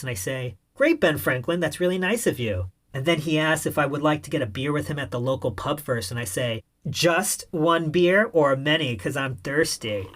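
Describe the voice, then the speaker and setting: A man's voice: medium pitch, fairly bright tone. A man narrating a comic first-person story in an irreverent, wry tone.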